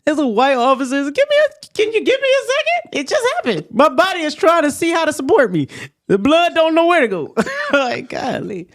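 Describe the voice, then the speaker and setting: A young adult woman hosting a show, telling a personal story in a candid interview, animated and emphatic, laughing often. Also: high-pitched, brisk, no echo, studio quality. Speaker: host.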